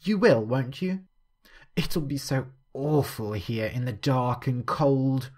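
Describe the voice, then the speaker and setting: A man's voice: medium pitch, slow pace, darkish tone. A man voicing a playful, mocking young woman in a storybook reading. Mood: coaxing. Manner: mocking, sing-song.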